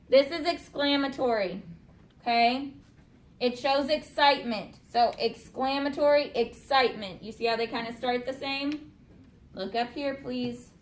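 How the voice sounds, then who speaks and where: A woman teaching a grammar lesson to a class in a classroom, patient, checking understanding with frequent questions to the students. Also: a little high. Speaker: elementary school teacher.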